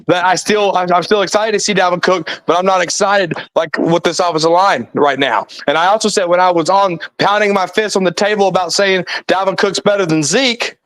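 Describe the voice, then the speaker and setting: A man's voice: high-pitched, a little fast, hardly any pauses, fairly bright tone, dry recording, poor audio. A man co-hosting a sports show, needling and mocking a fellow panelist in a heated debate.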